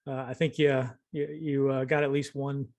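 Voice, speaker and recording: A man's voice: medium pitch, flat delivery, normal speed, a little mellow. A man hosting a podcast interview, chiming in with brief, encouraging remarks. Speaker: podcast host.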